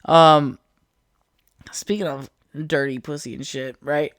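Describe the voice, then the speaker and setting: A man's voice: fairly high pitch, steady tone, slow pace, a bit bright, no echo, clean studio sound. A man hosting his own podcast from his apartment, rambling crudely and profanely from one thought to the next. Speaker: podcast host. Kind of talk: solo casual podcast rant. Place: apartment room.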